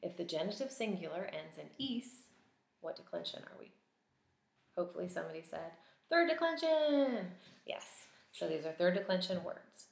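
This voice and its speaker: A woman teaching a Latin vocabulary lesson, patiently sounding out each word form and pausing for the listener to repeat. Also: on the low side, creaky. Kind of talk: recorded vocabulary lesson with drills. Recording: echoey room.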